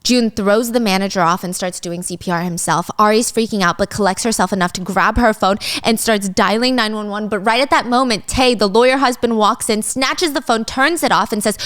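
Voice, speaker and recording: A woman's voice: medium pitch, a little fast, clear, resonant tone, no room sound, studio quality. A woman telling a dramatic story in a casual way, with swearing.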